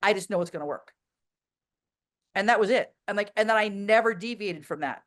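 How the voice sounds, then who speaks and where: A woman guest in a casual interview, talking bluntly and telling animated stories with plenty of fillers. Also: mid-range voice, fairly quick.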